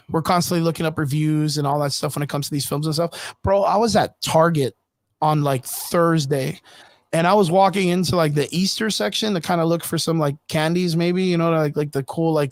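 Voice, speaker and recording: A man's voice: fairly high pitch, a little fast, no room sound. A man hosting a casual live stream, rambling loosely with lots of fillers and frequent swearing. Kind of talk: casual chat. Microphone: home streaming setup.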